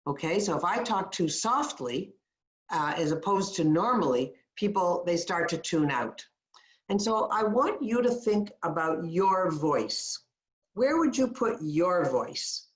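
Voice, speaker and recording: A woman's voice: lowish voice, sing-song, measured pace, echoey room. A woman coaching a webinar audience on voice, explaining with demonstrations and encouraging tips. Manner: demonstrative, gives upbeat guided tips. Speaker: communication coach.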